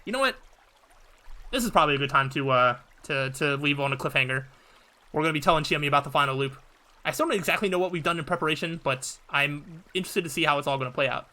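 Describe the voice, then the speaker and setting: Bright-voiced man reading a game aloud. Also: a little high, fast talker. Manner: casual, hesitant with fillers. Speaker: let's play host. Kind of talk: reading a visual novel aloud.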